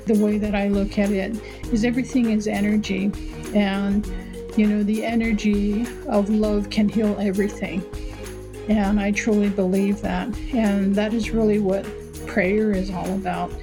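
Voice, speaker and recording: An older woman from the Navajo Nation, a guest wisdom keeper, answering calmly and unhurriedly with many pauses and fillers. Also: mid-range voice. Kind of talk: reflective interview answer. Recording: music playing under the voice.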